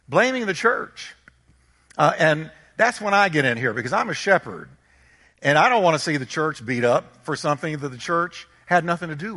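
Emphatic high-voiced male pastor preaching. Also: bright, forceful tone, in a large hall. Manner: emphatic, repeats phrases, rhetorical questions to the congregation. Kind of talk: sermon.

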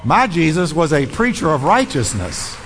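A high-pitched man preaches a bold, emphatic sermon. He presses his points hard and speeds up and slows down from line to line. His voice rings out with the long reverb of a large church hall. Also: sing-song, fairly bright tone, a faint crowd, slight background noise. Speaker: pastor.

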